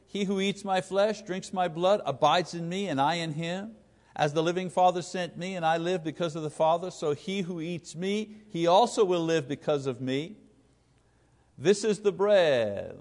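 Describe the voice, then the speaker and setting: A man preaches a Bible teaching sermon in a fairly high voice. He talks in a conversational, emphatic way and puts questions to his listeners. His voice trails off in a long, echoing reverb.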